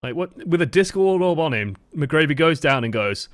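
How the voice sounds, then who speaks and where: A man's voice: on the high side, lively intonation, moderate pace, dry recording, studio quality. A man giving casual, profanity-laced esports analysis of match footage. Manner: casual, profane, lots of "like" fillers. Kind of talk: live match analysis commentary.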